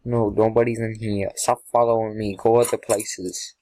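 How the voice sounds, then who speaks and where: A man's voice: fairly low pitch, flat delivery, moderate pace, warm tone, no room sound. A man casually commenting on his own gameplay, talking to himself, easily startled and often laughing. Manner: jumpy, talks to himself, yelps and laughs. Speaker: gamer.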